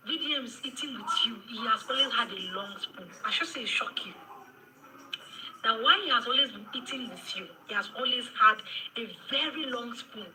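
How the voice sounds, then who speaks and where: A woman's voice: a little high, low-quality recording. A Nigerian woman giving a heated, scolding reaction commentary, repeating her points and slipping into Pidgin and Yoruba phrases. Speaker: social media commentator.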